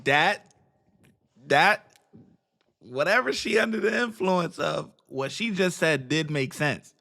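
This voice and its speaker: A man hosting a commentary video, reacting in a casual, slangy way with drawn-out delivery. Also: on the high side, vocal fry, sharp tone.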